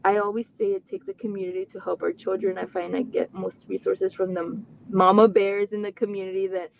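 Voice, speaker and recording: A woman's voice: medium pitch, brisk, vocal fry, a little hiss or hum. A woman, a mother, telling her family's story in an earnest, heartfelt way, with long run-on sentences and many "like" fillers. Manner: animated when retelling conversations. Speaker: parent guest. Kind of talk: candid personal storytelling in a live interview.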